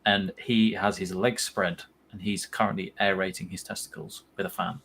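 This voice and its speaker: A man's voice: deep voice, little pitch movement, normal speed, fairly bright tone, slight background noise. A young man co-hosting a casual live fan watch-along, chatty and rambling, playfully spinning silly stories.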